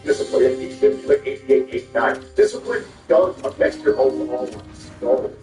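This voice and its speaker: A man's voice: medium pitch, huge pitch swings, normal speed, over music. A young man commentating his own gameplay, thinking aloud and getting frustrated. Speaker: gaming channel host. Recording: roomy, somewhat distant mic.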